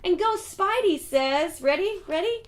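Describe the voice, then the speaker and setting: A woman hosting a casual comic book review vlog, talking in an animated, chatty way and swearing freely. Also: very high voice, unhurried.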